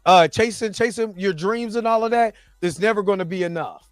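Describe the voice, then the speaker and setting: A man's voice: high-pitched, brisk, no room sound, clean studio sound. A man hosting a reaction show, recapping episodes in a loose, slangy, rambling way full of restarts and asides.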